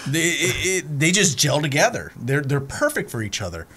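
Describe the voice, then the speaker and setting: Animated man retelling movie scenes. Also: a little high, normal speed, breathy edge. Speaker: podcast co-host. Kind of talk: casual chat.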